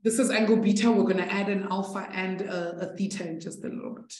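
A woman's voice: mid-range voice, fairly even intonation, fast talker, a little mellow, roomy sound, poor audio. A woman maths teacher from South Africa running a live online class, chatty and encouraging, often laughing with her students.

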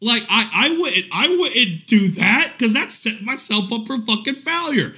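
Animated mocking man ranting on stream. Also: very high-pitched, measured pace. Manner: mocking, laughs often, heavy swearing. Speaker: drama commentary streamer. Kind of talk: profane livestream rant.

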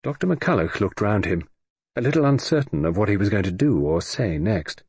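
A man narrating an audiobook in a scripted, expressive reading. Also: fairly low pitch, moderate pace, husky, no room sound.

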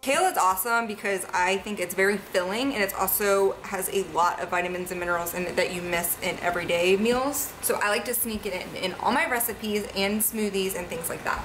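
A woman's voice: medium pitch, fairly quick, hardly any pauses, music in the background. A woman talking viewers through a recipe step by step in her home kitchen, in a casual, chatty way. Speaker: cooking vlogger. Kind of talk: casual cook-along narration.

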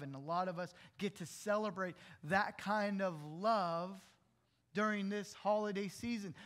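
A man, the pastor, giving a conversational sermon in a church and asking the congregation questions as he goes. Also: high voice. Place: church sanctuary.

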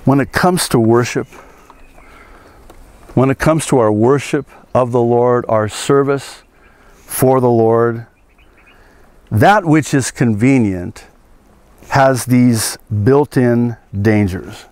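A man, preaching as a pastor, animated, acting out biblical voices and laughing at his own jokes. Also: medium pitch, slow pace, pauses often, dry recording. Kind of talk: outdoor teaching sermon. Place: outdoors at an archaeological site.

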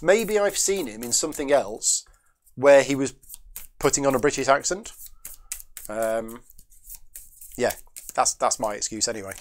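A man's voice: medium pitch, a little slow, long pauses. A man hosting a solo board game playthrough, thinking his moves through aloud, asking and answering his own questions, and chatting with viewers between moves. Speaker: board game channel host.

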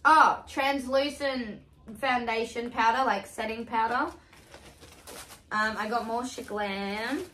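Bright-voiced young woman, gushing. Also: on the high side, slow pace. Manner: excitable, swears freely, exclaims often. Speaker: vlogger. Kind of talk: casual haul unboxing chat. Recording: echoey room with faint hiss.

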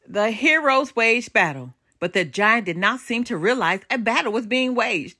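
An older woman reading a children's storybook aloud with expressive, animated storytelling and dramatic pauses. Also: fairly high pitch.

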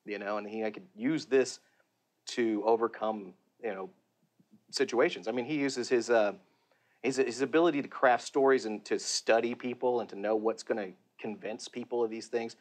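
Animated, laughing male voice actor. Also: mid-range voice, moderate pace. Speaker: voice actor guest. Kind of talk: casual interview.

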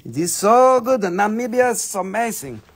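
A man with a fairly high voice hosts a live online sale of rocks and minerals. He banters loosely and swears often. He keeps drifting in and out of mock accents for laughs. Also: very animated, normal speed. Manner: joking, profane banter with playful put-on accents. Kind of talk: casual live sales stream.

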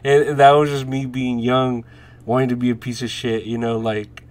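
A man's voice: medium pitch, little pitch movement, moderate pace. A man in his thirties hosting a podcast alone, rambling through stories with lots of swearing and laughs. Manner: rambling, profane, laughs while telling stories. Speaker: podcast host. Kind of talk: casual solo chat.

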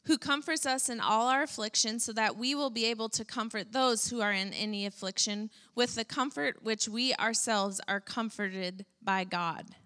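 Woman, sermon, animated preaching, bright fairly high voice. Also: normal speed, few pauses. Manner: animated, acts out whiny complaints in a high voice.

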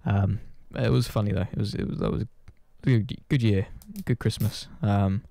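A man's voice: fairly low pitch, fairly even intonation, moderate pace, gravelly, dark tone, no room sound. A man chatting casually to his channel's viewers, rambling and self-deprecating, swearing offhand. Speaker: gaming channel host. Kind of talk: casual chat to camera.

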